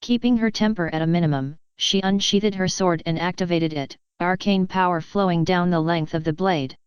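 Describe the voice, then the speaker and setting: A woman reads a story aloud in a steady, even narrating voice that sits slightly low. Her delivery is very smooth and clear. The recording is dry and close, with a dull, lo-fi tone. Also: moderate pace, dry recording. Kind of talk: audiobook narration of fan fiction.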